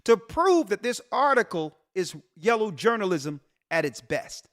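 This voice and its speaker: Animated man preaching over the news. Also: high voice, unhurried. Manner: animated preaching delivery, rhetorical questions, repeated emphasis. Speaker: church elder and show host. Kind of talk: commentary on a news article.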